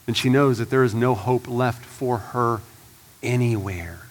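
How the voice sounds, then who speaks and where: A man preaching a sermon as pastor, swinging from hushed and slow to loud and urgent. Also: mid-range voice. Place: church sanctuary.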